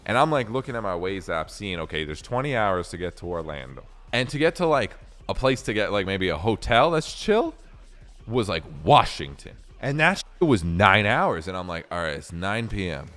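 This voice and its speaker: A young man from Canada tells a long story in a loose, rambling way, full of fillers and swearing. His pitch swings widely and lively as he goes. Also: normal speed. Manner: animated, profane, rambling with many fillers. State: recounting a sleepless night drive. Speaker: streamer. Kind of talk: casual storytelling.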